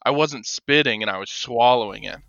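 A man in casual chat, telling a story in a relaxed, self-deprecating way. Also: medium pitch, a little fast, gravelly, no echo, dull audio.

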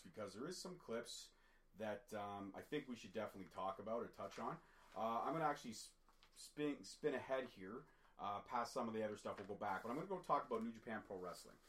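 A man's voice: fairly low pitch, a bit bright. A man from Canada hosting a casual podcast, reading through facts with jokey asides. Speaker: podcast host.

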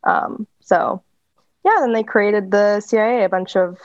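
A woman's voice: medium pitch, unhurried, dry recording. Woman co-host, sardonic chatty talk, slightly dull lo-fi sound, dry. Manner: chatty and sardonic, filler-heavy. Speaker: podcast co-host. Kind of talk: casual chat.

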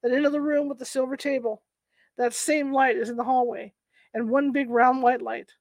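A woman reading the part of a hypnotized woman recalling an abduction, answering flatly and with certainty. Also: sits high, normal speed, no room sound.

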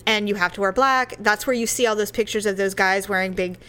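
A woman telling a story in casual chat, animated, with loud impressions of other people. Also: mid-range voice, a little fast, smooth.

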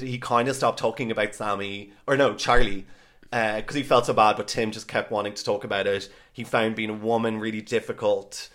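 A man's voice: mid-range voice, a bit bright. A man co-hosting a podcast, chatting casually and gossiping about a reality show. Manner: chatty, gossipy, quick asides. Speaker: podcast co-host. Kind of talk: casual chat.

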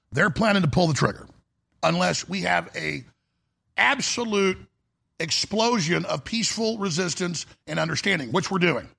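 A male talk radio host delivering an urgent, forceful monologue in a gravelly, raspy voice. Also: high-pitched.

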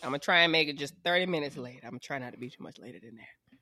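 A woman's voice: a bass voice, very fast, bright, forceful tone, no room sound, studio quality. A woman, co-hosting a podcast in frank, profane casual chat. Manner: frank, profane, laughing often. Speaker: podcast co-host.

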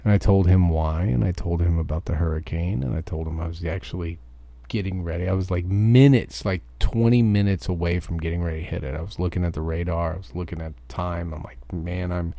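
A truck driver giving a profane, ranting podcast monologue. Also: male voice, deep voice, steady tone, fairly quick, warm tone, no echo.

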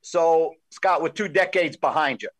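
A male podcast co-host with a somewhat raised pitch. He puts his questions emphatically and leans on the guest's name as he asks them. His delivery stays loose and conversational. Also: normal speed, a bit bright, low-quality recording. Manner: emphatic, repeats guest's name while asking. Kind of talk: conversational interview.

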